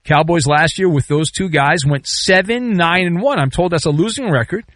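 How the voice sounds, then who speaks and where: A man hosting a sports talk show, riffing sarcastically and swinging between loud bursts and low asides. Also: normal speed, no echo. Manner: sarcastic, riffing with mock quotes. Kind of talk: sports talk radio commentary.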